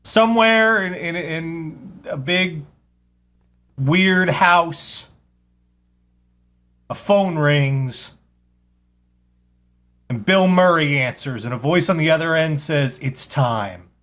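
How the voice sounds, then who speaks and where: A man's voice: on the high side, slow, pauses often, fairly bright tone. A man hosting a casual live radio show, rambling and sarcastic, swearing freely as he talks.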